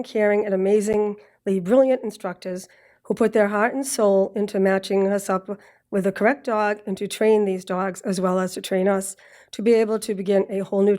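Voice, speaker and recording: Speaking at medium pitch with a slightly mellow quality, a graduate gives her prepared address at a ceremony before a live crowd. Her Massachusetts Boston accent is clear. She seems a bit nervous, occasionally clearing her throat and adding jokey asides.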